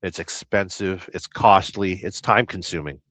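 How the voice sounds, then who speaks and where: A man from Southern California hosting a casual trucking livestream. He reads viewer comments aloud and rambles through deadpan, absurd jokes. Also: sits low, measured pace, no room sound. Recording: dry, slightly dull lo-fi sound.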